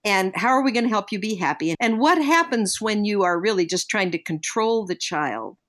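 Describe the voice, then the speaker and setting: An older woman co-hosting a casual podcast, telling parenting stories in an earnest, reflective way and brightening when she quotes people. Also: medium pitch, moderate pace. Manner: earnest, reflective, animated when quoting others. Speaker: podcast co-host, parenting guest. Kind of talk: casual podcast chat, storytelling.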